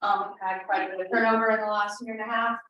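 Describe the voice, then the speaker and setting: Woman chairing a meeting, casual and halting, recorded from across an echoey room. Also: medium pitch, little pitch movement, sharp tone, recorded from a distance, lo-fi sound, a little hiss or hum. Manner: casual, with frequent fillers. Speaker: meeting host, state program director. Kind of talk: meeting introductions and announcements.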